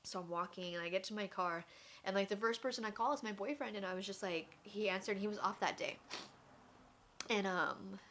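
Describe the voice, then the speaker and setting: Young woman vlogging, candid storytime, acts out what people said, mid pitch. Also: a little fast, slight background noise. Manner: candid, animated retelling that acts out quoted voices. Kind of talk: personal storytime.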